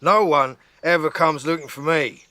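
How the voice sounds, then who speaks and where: A man voicing a grumpy, lonely male polar bear with a gruff, grisly voice. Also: fairly high pitch, normal speed, pushed and bright, no echo, voice pushed up.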